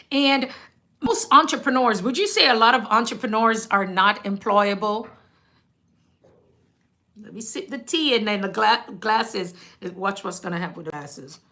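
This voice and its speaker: A woman's voice: medium pitch, pushed and bright. A woman hosting a casual livestream as a business coach, chatting to viewers, reading out their comments and laughing often.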